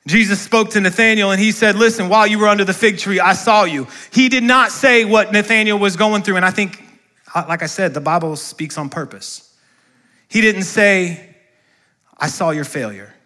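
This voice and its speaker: A man's voice: high-pitched, normal speed, pushed and bright. A male pastor preaching a sermon in a church, asking the congregation questions and calling for responses. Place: church sanctuary.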